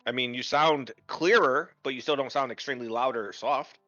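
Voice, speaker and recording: Bright self-deprecating man on dull mic. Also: medium pitch, moderate pace, soft background music. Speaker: player. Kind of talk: casual chat between game sessions. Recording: dull, dry lo-fi home mic.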